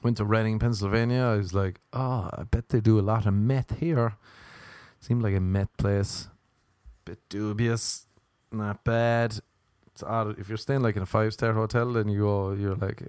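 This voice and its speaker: An Irish man telling a rambling comic story with deadpan asides, swearing and acted-out quoted voices. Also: lowish voice, moderate pace, dry recording. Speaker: touring comedian.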